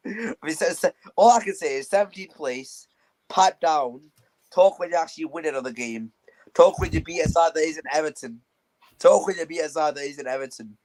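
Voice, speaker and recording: A man's voice: a little high, normal speed, darkish tone. A young man, a guest on a football chat, teasing and mocking his rival, repeating taunts between laughs. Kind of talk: casual banter.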